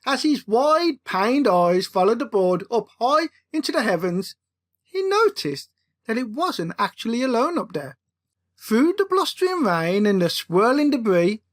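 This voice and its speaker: A woman reading her own comic novel aloud with a playful, expressive delivery. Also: on the high side. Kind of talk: comic audiobook narration.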